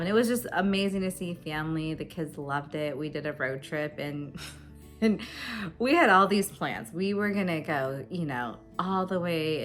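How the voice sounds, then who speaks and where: A woman's voice: deep voice, fairly bright tone. A woman in her thirties chatting casually to camera as a homeschooling mom, laughing often between her fillers. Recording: faint music behind. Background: faint background music.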